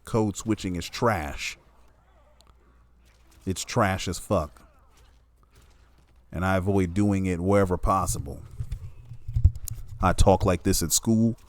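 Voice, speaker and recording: Blunt, profane man with a deep voice. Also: takes it slowly, pauses often. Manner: blunt, heavily profane, emphatic; peppers speech with "you know what I'm saying". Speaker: commentator. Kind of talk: opinionated commentary monologue.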